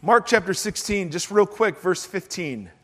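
A man's voice: high-pitched, measured pace, bright, forceful tone, in a large hall. A male pastor giving a sermon to his congregation, breaking in with playful joking asides. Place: church sanctuary.

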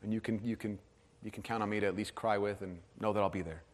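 A man in his thirties preaching a sermon, earnest, moving between hushed and animated storytelling. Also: fairly low pitch, fast. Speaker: pastor. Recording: hall with long reverb.

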